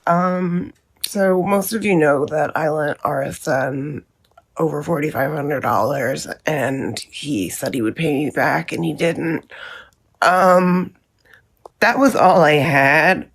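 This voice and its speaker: A woman giving a personal statement, halting and pausing with many ums. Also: deep voice.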